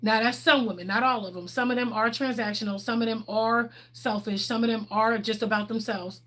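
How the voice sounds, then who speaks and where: A woman's voice: on the high side, fairly even intonation, fairly quick, fairly bright tone. A middle-aged woman, chatting candidly on a livestream and answering viewers' questions, laughing often. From Texas, USA. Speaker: livestream host.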